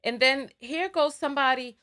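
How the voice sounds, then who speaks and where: A woman's voice: high-pitched, moderate pace, sharp tone. Fired-up woman hosting a live stream. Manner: heated, indignant, repeats herself. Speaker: livestream host.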